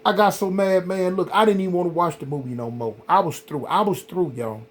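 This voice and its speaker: A middle-aged man hosting a vlog, telling a story in a casual, rambling, animated way, full of "man" and "y'all". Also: high-pitched, a little fast. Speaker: vlog host.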